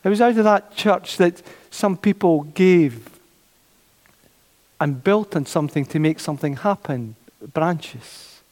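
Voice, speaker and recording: A man preaching a sermon, animated, repeating his phrases and acting out the voices of doubters. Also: a little high, takes it slowly. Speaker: pastor. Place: church. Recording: long church reverb.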